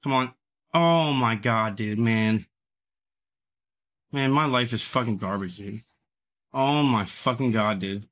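Bright-voiced man cursing and pleading. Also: medium pitch, slow pace, long pauses. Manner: profane, swings between begging and cursing. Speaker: livestreamer. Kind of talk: live-streamed gambling commentary.

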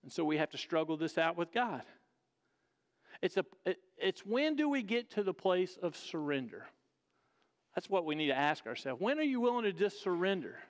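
A man's voice: high voice, sing-song, normal speed. A man preaching a sermon as pastor, emphatic, asking the congregation direct questions and calling them folks. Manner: calls the listeners "folks". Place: church sanctuary. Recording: long reverb of a church hall.

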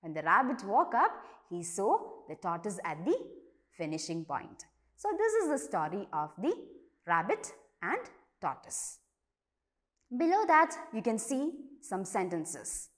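A young woman teaches small children in an online class, her voice rising and falling in wide, lively swings. She explains patiently, asking a simple question and then answering it herself. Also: measured pace. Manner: reads dialogue lines aloud with lively pitch jumps.

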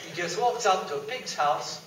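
A man's voice: sits high, heavy background noise. A man reading a children's story aloud on stage, playful and full of joking asides. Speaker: storyteller at a variety show. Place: stage in a hall. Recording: echoey hall from far off.

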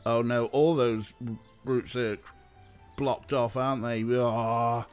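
A man giving casual let's play commentary, wry and exasperated, swearing as he plays. His voice sits at a middle pitch, with faint music behind him. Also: steady tone, slow pace, a little mellow, clear, resonant tone. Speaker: streamer playing a game.

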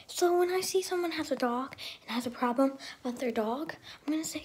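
A woman talking to camera in a rambling, profane vlog rant, swinging between loud outbursts and half-whispered asides. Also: high voice, brisk. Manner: profane and ranting. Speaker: vlogger.

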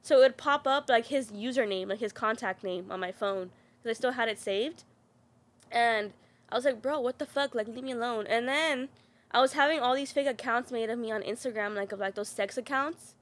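A woman's voice: fairly high pitch, normal speed. A young woman telling a story in casual chat, with lots of "like" and swearing. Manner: storytelling, heavy use of "like", swearing. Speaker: podcast guest.

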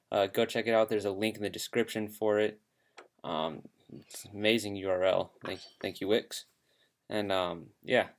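Hesitant man talking football picks. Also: lowish voice. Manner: hesitant, many ums and restarts. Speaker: host. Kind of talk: casual sports predictions.

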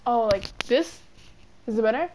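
A woman's voice: on the high side, lively intonation, moderate pace, darkish tone. Young woman, casual game chat, giggly, sing-song, faint background noise. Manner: playful, giggly, breaks into silly sing-song bits. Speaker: gamer streaming with friends.

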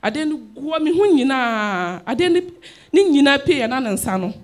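A woman giving a testimony at a church service, telling her story in an animated way. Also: high voice, a little fast.

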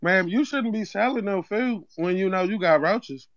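A threatening, insulting customer with a put-on accent, as a man puts him on in a prank phone call. The voice sits high and loud. The audio is dry and dull, with a lo-fi sound. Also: normal speed, dry recording. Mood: complaining.

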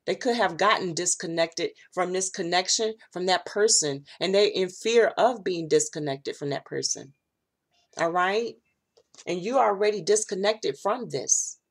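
A woman's voice: lowish voice, measured pace. A woman doing a casual tarot reading for her viewers, blunt and profane, checking in constantly with "all right?" and "okay?". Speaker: tarot reader.

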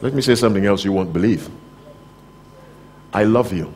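A male pastor delivering a sermon to a conference audience in a hall. He speaks directly and firmly, stopping to put questions to the crowd. He moves from loud, emphatic phrases to quiet, low asides. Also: moderate pace, a little hiss or hum.

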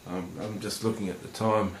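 Man, lowish voice, earnest halting testimony to camera, roomy echo. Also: level tone. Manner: halting and earnest, many pauses and fillers. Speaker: Christian testimony speaker. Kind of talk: personal testimony addressed to viewers. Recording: roomy echo with faint background noise.

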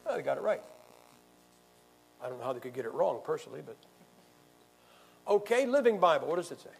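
A man's voice: a little high, big pitch swings, brisk, creaky, faint music behind, rough recording. A male pastor teaching a Bible class, quizzing the audience and jabbing sarcastically at rival views.

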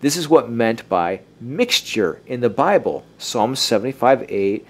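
A man's voice: medium pitch, lively intonation, a little slow. Man, podcast co-host, casual chat, reads notes, jokey, small stumbles. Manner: jokey, stumbles while reading aloud.

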